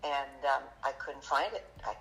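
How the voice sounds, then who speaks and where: A woman guest on a podcast, telling her story in a halting, chatty way with many fillers, turning lively when she quotes people. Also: rumbling low, poor audio. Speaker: magician guest. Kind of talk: conversational storytelling interview.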